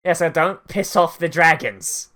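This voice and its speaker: This mid-range voice has a sharp tone and keeps a measured pace. It belongs to an anime reaction host doing a laid-back watch-along, talking in a rambling way packed with "like" fillers and laughter.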